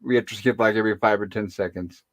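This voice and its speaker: A man's voice: fairly low pitch, fairly even intonation, a bit bright. Middle-aged man rambling through a recap. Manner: rambling retelling with pauses and fillers. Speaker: host. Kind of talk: casual episode recap on a live stream.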